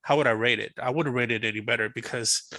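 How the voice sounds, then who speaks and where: A man's voice: mid-range voice, fairly even intonation, fast, bright, forceful tone, no echo. A man on a studio podcast panel, talking casually in a rambling, hesitant way with many "um" fillers.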